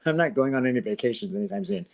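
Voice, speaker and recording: A relaxed man in his forties from Southern California, talking like he's hanging out with a friend. He tells his story in an easy, slangy way, laughs often, and acts out other people's lines as he goes. His voice sits at an ordinary middle pitch. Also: fast, vocal fry. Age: 40s. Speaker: guest fighter. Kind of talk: casual storytelling interview.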